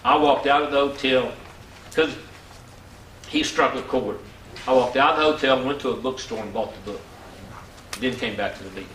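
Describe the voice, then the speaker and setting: A man's voice: mid-range voice, moderate pace, pauses often, a bit bright. Earnest older man speaking in an echoey hall. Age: 60s. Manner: earnest storyteller who repeats words for emphasis. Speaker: seminar speaker. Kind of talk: motivational business seminar talk. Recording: echoey hall, mic far off, faint ambient noise.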